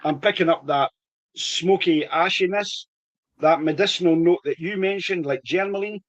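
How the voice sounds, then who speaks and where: During a whisky tasting, a middle-aged Scottish man chats away at a moderate pace in a high voice. His manner is talkative and enthusiastic, and he laughs often in this easygoing tasting conversation.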